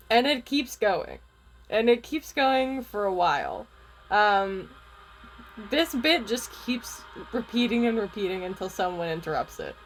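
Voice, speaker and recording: A young woman game master narrating a tabletop game in a casual, halting way. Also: medium pitch, very animated, a little hiss or hum.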